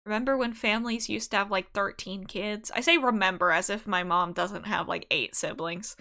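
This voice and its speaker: A woman's voice: medium pitch, normal speed, gravelly, few pauses, bright, forceful tone. A woman streamer chatting casually over gameplay, musing aloud in a rambling way, full of fillers and loose asides.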